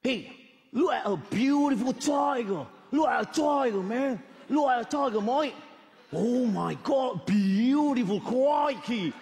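Man putting on an over-the-top aussie wildlife guy, exclaiming, pitched way up, big reverb. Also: expressive, unhurried, a little mellow, full character voice. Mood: gushing. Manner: gushing, exclaiming. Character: excitable Australian wildlife enthusiast man.

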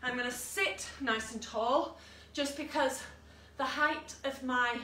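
Leading an online workout from a room at home with a dog close by, a female fitness instructor counts down and cheers people on, dropping asides between encouraging cues. Her voice is high and bright, and her pace is slow. The recording catches her from a distance in an echoey room, with a little hiss or hum.

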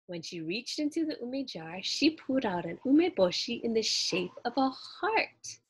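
A woman reading a children's picture book aloud in an expressive, animated storytelling way. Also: mid-range voice, normal speed, hardly any pauses, slightly rough, dry recording.

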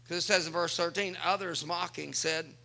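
A man's voice: fairly high pitch, fairly even intonation, moderate pace, vocal fry, pushed and bright. A male pastor preaching a sermon, speaking with emphasis and turning often to address the congregation.

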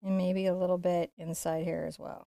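A woman teaching a live-streamed painting lesson, chatty and playful, going quiet while she concentrates. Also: fairly low pitch, flat delivery, normal speed, creaky, dry recording, studio quality. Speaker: painting instructor.

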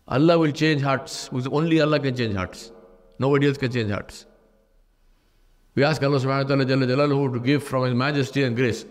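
A man giving a sermon as an imam in a mosque, telling a story with lively pitch shifts and repeated phrases. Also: fairly quick. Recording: long hall reverb.

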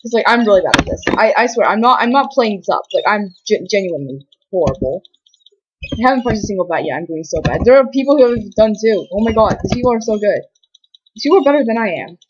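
A woman's voice: mid-range voice, lively intonation, quick pace, muffled recording, slight background noise. A woman doing let's-play commentary, mocking herself and talking herself through the game on a built-in computer mic. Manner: self-deprecating, talks herself through play. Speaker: gaming video creator.

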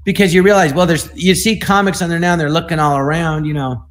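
Male, 60s, from the US. Panel guest, animated storyteller who acts out the dialogue. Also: on the high side, fast talker. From United States. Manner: animated, acts out other people's lines in the stories. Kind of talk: anecdotal storytelling.

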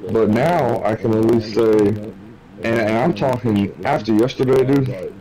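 A young man streaming live, telling a story in casual chat, profane and animated, acting out what others said. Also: lowish voice, measured pace, a crowd in the background, rough recording. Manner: profane, animated retelling with quoted dialogue.

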